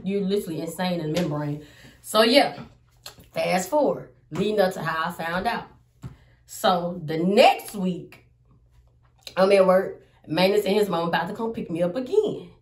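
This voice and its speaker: Animated, foul-mouthed woman telling a story in an echoey room. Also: distant mic. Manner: animated, profane, swings between loud outbursts and low asides. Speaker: comedian telling a personal story. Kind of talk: casual storytime vlog.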